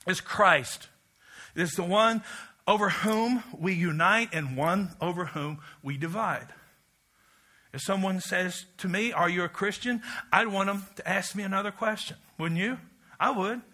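A middle-aged man preaching a sermon, emphatic and climbing to loud peaks, then dropping into folksy storytelling asides. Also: high-pitched, a little slow. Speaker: pastor.

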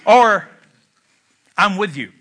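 A man's voice: high-pitched, lively intonation, takes it slowly, fairly bright tone. A middle-aged man preaching a sermon in a conversational way, with self-deprecating humor. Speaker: pastor.

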